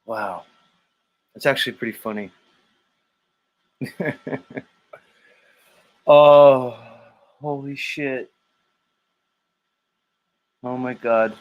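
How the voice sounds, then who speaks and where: A man's voice: mid-range voice, very slow, pauses often, dull audio. A man hosting a morning livestream in casual chat, reading out the chat, laughing a lot and swearing. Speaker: livestream host.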